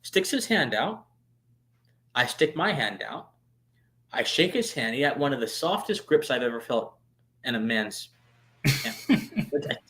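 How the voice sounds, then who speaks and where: A man in the middle of his pitch range chats through a long personal story for his live stream viewers. He talks in a loose, animated way, full of fillers and restarts. His level swings from murmured asides to sudden loud bursts. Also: slow pace, long pauses. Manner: chatty, many fillers and restarts. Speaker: streamer and show host.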